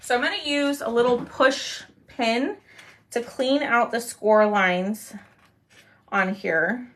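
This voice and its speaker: A woman's voice: fairly high pitch, slow. A woman hosting a casual crafting livestream, chatting and greeting viewers by name.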